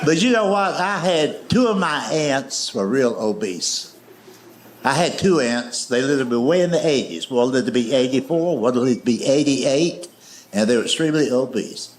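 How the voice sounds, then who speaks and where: A man's voice: medium pitch, expressive, some chatter behind. A man telling folksy stories in a stand-up comedy show on stage. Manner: folksy, drawn-out storytelling, slipping into quoted voices. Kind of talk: storytelling stand-up. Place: live comedy stage before an audience. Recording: live show with audience laughter and noise.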